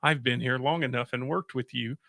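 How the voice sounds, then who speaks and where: A man hosts a casual radio talk show, trading jokey stories and slipping into playful voices. His voice sits at a middle pitch. It is recorded close and dry. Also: brisk, creaky, pushed and bright, dry recording. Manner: jokey storyteller, acts out voices. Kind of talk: casual chat. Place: radio studio.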